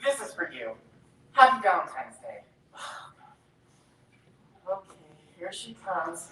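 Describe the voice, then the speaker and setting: A woman's voice: fairly low pitch, big pitch swings, slow, a bit bright, full character voice. A young woman playing Charlie Brown, anxious boy. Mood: nervous. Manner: nervous, self-doubting, sings and talks to himself. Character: anxious, hopeful young boy, eternal underdog. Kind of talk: stage musical theater acting. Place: school auditorium stage. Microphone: distant, recorded from the audience. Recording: echoey hall from far off with music.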